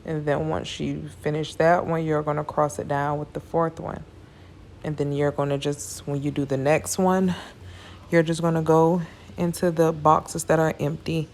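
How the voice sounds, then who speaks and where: A woman's voice: low-pitched, flat delivery, normal speed, darkish tone, slight background noise. A tired woman giving a casual, chatty hair braiding tutorial, talking her viewers through each step. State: tired, yawning.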